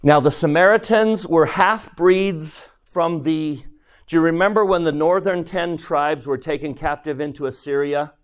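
A man's voice: on the high side, fairly even intonation, measured pace, clear, resonant tone. A man teaching a religion class, lecturing on scripture and posing questions to his listeners as he retells the story.

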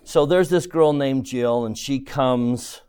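A man's voice: mid-range voice, clear, resonant tone. Earnest male preacher. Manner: earnest, swings between soft and loud, slows for emphasis. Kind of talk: sermon.

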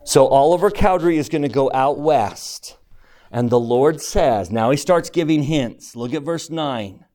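A man's voice: a little high, lively intonation, measured pace, dark tone. A man teaching a scripture lesson to a class, emphatic and asking the room questions as he reads verses aloud.

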